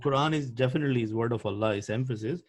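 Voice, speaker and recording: A man's voice: mid-range voice, racing, husky. A man teaching Arabic grammar over a video call, patiently quizzing his students by name. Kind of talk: online class teaching.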